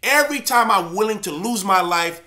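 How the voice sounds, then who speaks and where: A man preaching with a high-pitched, bright and forceful voice. He talks with great passion and hammers home his points by repeating phrases. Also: animated, normal speed. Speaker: church elder. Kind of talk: impassioned preaching monologue.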